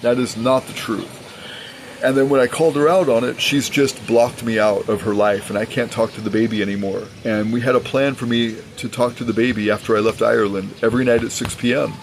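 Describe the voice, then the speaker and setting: A man's voice: medium pitch, fairly even intonation, fairly quick, slight background noise, rough recording. A father speaking in a personal vlog monologue, earnest and aggrieved, insisting on his side of the story.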